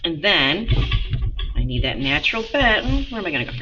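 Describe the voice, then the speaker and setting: Chatty woman teacher with a lively bright voice. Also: lowish voice, brisk, lo-fi sound, slight background noise. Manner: chatty, encouraging, talks to students directly. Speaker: art teacher. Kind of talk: casual drawing lesson for kids.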